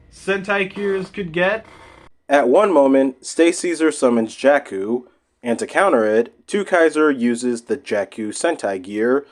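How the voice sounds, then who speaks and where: Guy rambling thru a show review, slightly high voice, laughs a lot. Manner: rambling, laughs often, exclaims loudly. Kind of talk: casual review talk.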